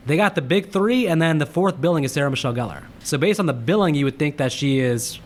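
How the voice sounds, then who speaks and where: A man's voice: on the high side, animated, fast. A man co-hosting a casual movie podcast, chatty and rambling as he shares film trivia. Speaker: podcast co-host.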